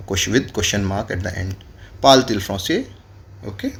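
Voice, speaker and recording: A man's voice: deep voice, brisk, creaky, fairly bright tone. A man, teaching French grammar in a classroom lesson and spelling words out letter by letter. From India.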